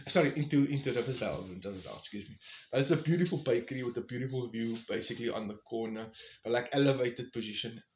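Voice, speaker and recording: A man's voice: mid-range voice, rapid-fire, a little mellow, a little hiss or hum. Chatty man telling a story. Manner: chatty, rambling with many fillers and asides. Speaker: vlogger on a long-distance walk. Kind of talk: casual storytime recap. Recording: roomy, slightly dull recording.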